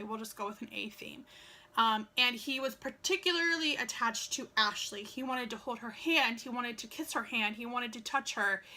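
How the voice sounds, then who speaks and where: A young woman talks directly to the camera in a vlog, spinning a casual story in a loose, chatty manner. She scatters "like" all through it and performs both sides of each conversation in quoted dialogue. Her voice is slightly high, with a bright, forward ring.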